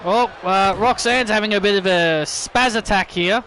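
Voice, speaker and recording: A man doing excitable play-by-play wrestling commentary over a video game, yelping at big moves and joking sarcastically about glitches. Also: high voice, moderate pace, slight background noise.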